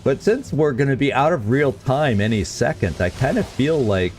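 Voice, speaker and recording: A man's voice: mid-range voice, expressive, normal speed, a little mellow, a little hiss or hum. A man streaming a game, chatting casually and stumbling over tricky words as he reads lore. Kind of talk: let's play commentary.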